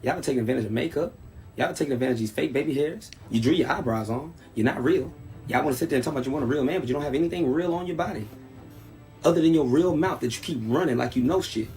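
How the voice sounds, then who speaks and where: A man's voice: on the high side, fast, darkish tone, soft background music. A man in a combative, profane rant. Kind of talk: angry rant.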